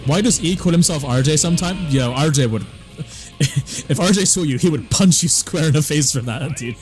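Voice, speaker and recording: A man's voice: fairly high pitch, a little fast, soft background music. A man from southwest England with a West Country accent, chatting casually on a game stream and answering chat in a laid-back way. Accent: West Country English.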